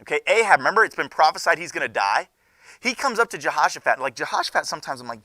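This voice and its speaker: A young man teaching a junior high Bible class, retelling the story with lively asides and acting out what the characters say. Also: fast, no room sound.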